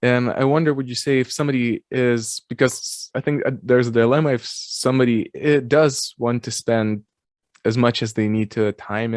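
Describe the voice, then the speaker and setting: A man's voice: medium pitch, no room sound. A man hosting an interview, asking questions and reflecting on his own experience. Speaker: interviewer, host.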